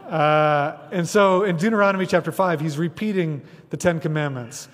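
Conversational pastor in a reverberant church. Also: male voice, on the high side, normal speed. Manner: conversational, chatty preaching with many asides. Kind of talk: sermon. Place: church sanctuary.

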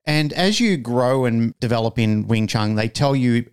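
A man's voice: medium pitch, expressive, moderate pace, clear, resonant tone. A man co-hosting a podcast, telling a story casually and animatedly, swearing freely and acting out the lines he quotes. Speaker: podcast co-host.

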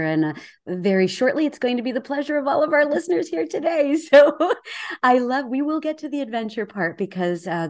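Warm-voiced woman hosting a podcast. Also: mid-range voice. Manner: upbeat and welcoming. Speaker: podcast host.

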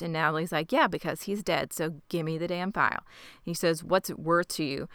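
A woman with a bright, very crisp voice recaps a TV show in a wry, playful way, sometimes acting out the lines. Her voice sits slightly low, and the sound is dry and close to the mic. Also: fairly quick, no room sound. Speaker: podcast co-host. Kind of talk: casual TV recap chat.

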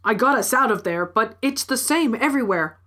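A woman's voice: a little high, expressive, a little fast, sharp tone. A woman voicing a flustered, apologetic middle-aged father. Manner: anxious, apologetic.

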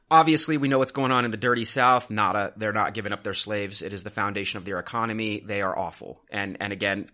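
A man hosting a history podcast, talking casually in an animated, sarcastic way. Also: lowish voice.

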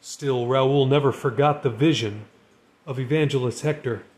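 A man narrating a Christian novel chapter in a steady storytelling reading. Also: medium pitch, moderate pace. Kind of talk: live audiobook reading.

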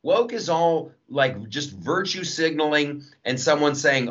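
A man who does stand-up, chatting as a guest and riffing through his stories. His pitch swings widely and his tone is bright and forward. The audio sounds dull and lo-fi. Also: measured pace, few pauses. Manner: animated, jokey, acts out quoted voices. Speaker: comedian guest. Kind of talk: casual interview chat.

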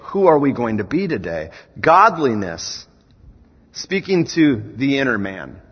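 Male preacher, husky and lively, measured delivery, emphatic rhetorical questions; echoey church hall, muffled recording. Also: medium pitch. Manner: emphatic, rhetorical questions, rising to rallying calls. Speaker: student ministries director preaching. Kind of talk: sermon. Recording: echoey hall, dull lo-fi sound.

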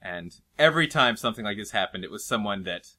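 A man in casual chat telling an anecdote in a relaxed, drawn-out way. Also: on the low side.

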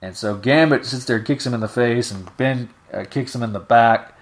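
A man's voice: medium pitch, moderate pace. A man hosting a podcast alone, recapping a comic story in a rambling, self-correcting way. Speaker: podcast host. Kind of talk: casual solo comic recap.

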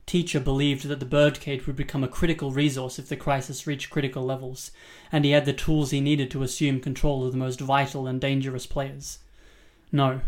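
A man narrating an audiobook in a steady, even reading voice. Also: medium pitch.

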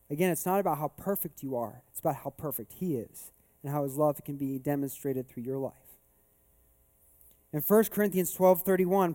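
A man's voice: a little high, warm tone. A male pastor preaching a sermon at a church service. He tells a story in a conversational way, then builds to emphatic rhetorical questions.

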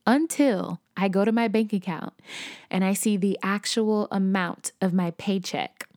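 A woman's voice: medium pitch, darkish tone, no echo, clean studio sound. A young woman hosting a podcast, telling a personal story in a candid, conversational way. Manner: candid, conversational, acts out quotes. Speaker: podcast host.

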